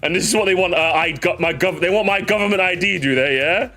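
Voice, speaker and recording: A man's voice: sits high, quick pace, pushed and bright, faint music behind. A man hosting a casual gaming livestream, rambling jokily, repeating phrases and calling his viewers gamers. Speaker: livestream host.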